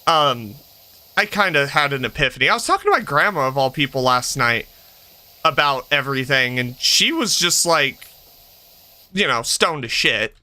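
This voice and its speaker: A man in his thirties hosts a game stream, talking at normal speed in a medium-pitched voice. His casual chat while gaming is animated and profane, full of stories and frequent laughter.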